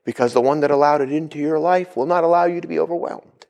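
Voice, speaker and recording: A man's voice: a little high, quick pace, vocal fry, darkish tone. A male pastor preaching a sermon, calling out to the congregation for responses.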